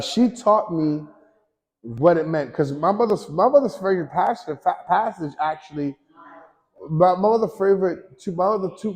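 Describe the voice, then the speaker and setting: A man with a slightly raised pitch speaks in a loose, unscripted monologue as the host of his own show. He rambles earnestly, drops in casual slang and often restarts his sentences. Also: darkish tone, poor audio.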